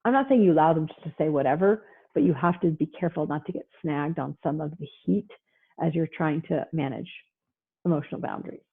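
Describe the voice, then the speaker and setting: A middle-aged woman therapist giving a lively online parenting talk, acting out parents and children as she goes. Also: deep voice, a little fast. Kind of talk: animated online presentation. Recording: husky voice over a tinny phone-like line.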